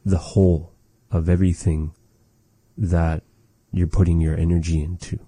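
A man giving a relaxed spoken language lesson, measured and thoughtful, with many pauses and fillers. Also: sits low, husky, no room sound. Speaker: language teacher.

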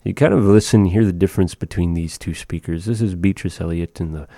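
Male language teacher, low dark voice, unhurried, dry close sound. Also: gravelly, no room sound. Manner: relaxed, chatty, repeats words slowly. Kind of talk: casual language lesson.

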